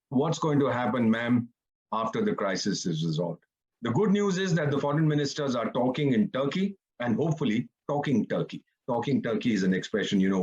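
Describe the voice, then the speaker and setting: A man's voice: medium pitch, a little mellow, slightly rough, dull audio. A man in his seventies giving a sarcastic, theatrical panel talk with mocking asides, over a video call. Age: 70s. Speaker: retired ambassador, panelist.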